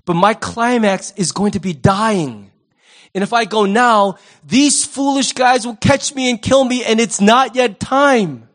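A man voicing Jesus as a calm, patient adult man, firm and measured, in a retold sermon scene. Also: high-pitched. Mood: resolute.

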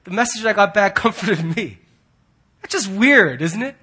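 A man preaching a sermon in an earnest, husky voice that sits high for a man. He presses hard on key words, then drops to a hush. His talk is that of a pastor before his church. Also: expressive, normal speed. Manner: earnest, swings from loud emphasis to hushed quiet.

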